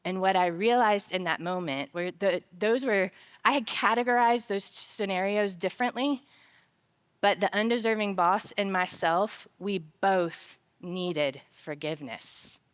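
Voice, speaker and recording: A little slow and clean in tone, this woman's mid-range voice carries a faith-based conference talk on work. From the stage she shares humorous, lively personal anecdotes, later growing earnest and reflective as she explains what they teach.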